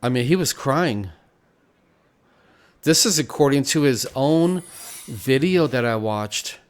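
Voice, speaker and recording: A man hosting a game video who preaches between moves, unhurried and repeating his phrases like a sermon. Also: medium pitch, animated. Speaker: gaming channel host. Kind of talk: gameplay commentary mixed with preaching.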